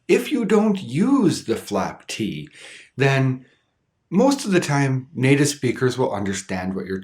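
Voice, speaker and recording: A man teaching a pronunciation lesson at a slow, deliberate pace. His pitch moves a lot as he repeats example words and models each sound with care. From Canada. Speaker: English teacher.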